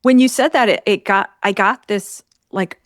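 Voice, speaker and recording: A woman's voice: medium pitch, normal speed, no room sound, studio quality. A woman co-hosting a reflective podcast conversation, thinking aloud in a contemplative way. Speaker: podcast co-host.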